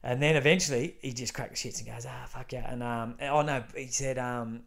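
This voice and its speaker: A man's voice: mid-range voice, brisk. Australian man telling a rambling story. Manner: rambling, animated anecdote with restarts. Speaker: comedian guest. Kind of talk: casual storytelling chat.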